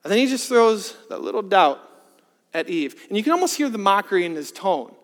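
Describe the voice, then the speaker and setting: Preacher, male, very high voice, earnest and building, long hall reverb. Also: big pitch swings, fairly quick. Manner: earnest, builds from hushed to emphatic with rhetorical questions. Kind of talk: sermon.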